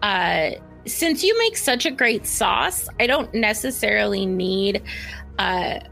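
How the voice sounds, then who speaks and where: A woman co-hosting a podcast in casual chat, soft-spoken and unhurried. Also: mid-range voice, sing-song, gravelly, faint music behind. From small town. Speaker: podcast co-host.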